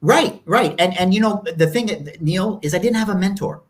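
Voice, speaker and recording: A man in his sixties from Canada, a guest telling stories in an animated, casual way, often acting out other people's voices. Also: sits high, moderate pace. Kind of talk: casual storytelling interview.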